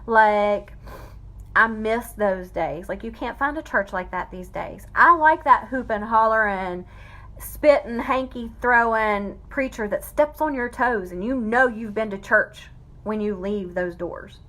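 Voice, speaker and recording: A woman's voice: fairly high pitch, unhurried, pushed and bright. A woman giving an emotional personal testimony, fighting back tears as she speaks. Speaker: vlogger telling a family story.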